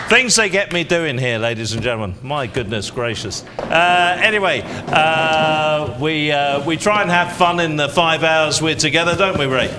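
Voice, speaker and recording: A man calling bids as auctioneer at a live art sale, with brisk showman patter. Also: a little high, lively intonation, very noisy. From England.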